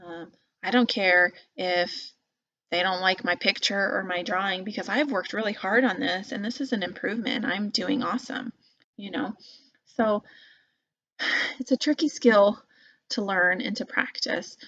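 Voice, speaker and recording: A woman's voice: medium pitch, unhurried, dry recording, muffled recording. Woman teacher giving parenting advice. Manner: conversational, many fillers, acts out lively example phrases. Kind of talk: casual explanatory talk.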